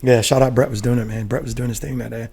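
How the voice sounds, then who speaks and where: A middle-aged man, a retired soldier, telling war stories in casual podcast chat, animated and profane, laughing often. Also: mid-range voice, fast, vocal fry, breathy edge. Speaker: guest, retired Army special forces soldier.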